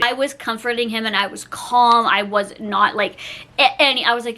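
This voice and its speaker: Young woman YouTuber, storytime vlog, chatty and animated, bright tone, lively delivery. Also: fairly high pitch, a little fast. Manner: chatty, animated retelling with quoted dialogue.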